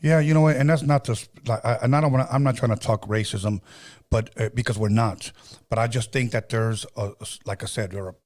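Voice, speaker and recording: A man's voice: mid-range voice, fairly even intonation, fairly quick, a little mellow. Man musing in a podcast chat. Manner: reflective, hedging, says "bro". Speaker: podcast host. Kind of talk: casual chat.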